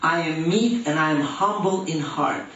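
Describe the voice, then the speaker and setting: A man preaching a sermon as youth pastor, swinging between rising emphatic questions and soft, low drops. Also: lively intonation, measured pace, a little hiss or hum. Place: church hall. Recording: echoey, distant, dull church room recording.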